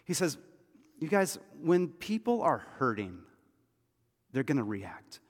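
Pastor preaching in a reverberant hall. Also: male voice, a little high, sing-song, slow, slightly rough. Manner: conversational, often drops to a hushed, intense tone. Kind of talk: sermon.

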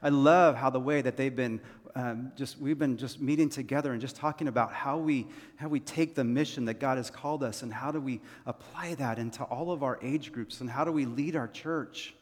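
A man preaches to his church in a relaxed, conversational way, earnestly circling back to his main questions. His voice sits in a middle register. The sound carries a long hall reverb from the sanctuary. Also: medium pitch, fairly quick. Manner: earnest, repeats key phrases to the congregation. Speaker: senior pastor. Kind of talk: conversational sermon.

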